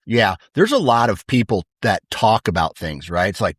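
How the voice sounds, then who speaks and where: Casual male podcast storyteller, lower register, dry close sound, easygoing and animated. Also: moderate pace, breathy edge, no room sound. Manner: animated storyteller, laid-back, says "dude" a lot. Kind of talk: casual chat.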